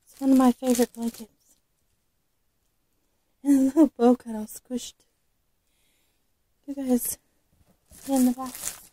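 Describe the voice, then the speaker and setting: A woman with a sore, recovering throat, chatting casually as she unboxes a doll, halting with frequent ums. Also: sits high, flat delivery, warm tone, dry recording, poor audio. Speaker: vlogger unboxing a reborn doll.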